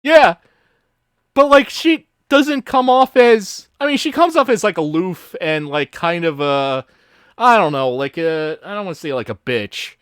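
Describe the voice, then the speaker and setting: A fairly high-voiced man chatting casually on a podcast, stumbling through his story with lots of "like" and "um" and the odd curse word. His voice sounds dry and close, with no room behind it. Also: expressive, a little slow, a bit bright, smooth, no echo. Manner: rambling retelling full of fillers and restarts; casual and profane. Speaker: podcast host. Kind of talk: casual chat.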